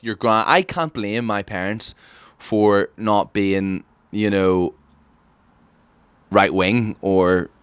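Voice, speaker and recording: A man's voice: fairly low pitch, fairly bright tone, dry recording. A man with an Irish accent hosting a podcast, delivering an emphatic, ranting satirical comedy monologue. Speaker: podcast host.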